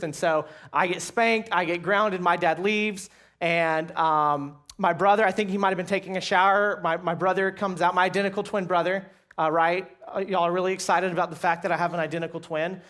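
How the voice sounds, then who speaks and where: A man's voice: high-pitched, normal speed, fairly bright tone. A pastor delivering a sermon in a conversational, storytelling way, talking straight to his listeners. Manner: conversational, many fillers and restarts, addresses audience.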